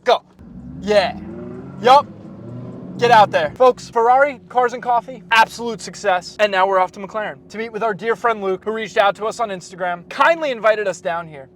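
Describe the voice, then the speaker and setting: High-voiced young man hyping exotic cars. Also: fairly bright tone, a little hiss or hum. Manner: playful, rattles off car models, hypes and jokes. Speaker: car-spotting vlogger. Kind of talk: excited car-spotting commentary. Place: outdoors at a car meet and inside a dealership.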